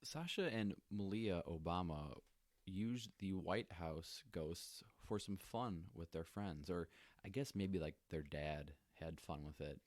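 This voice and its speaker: A young man co-hosting a podcast, telling stories in a relaxed, jokey way with lots of fillers. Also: sits low, slow, no room sound. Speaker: podcast co-host. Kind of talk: casual chat storytelling.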